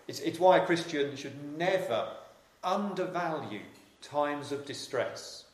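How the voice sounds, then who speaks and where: A man's voice: on the high side, measured pace, echoey room, slight background noise. A man preaching a sermon, earnest and reflective, repeating phrases for emphasis.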